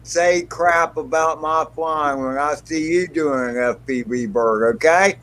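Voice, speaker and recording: A man on a video call panel banters in a teasing way. His voice is high and his speech is slow and drawn out. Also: a bit bright, a little hiss or hum. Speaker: panel guest. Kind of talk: casual banter.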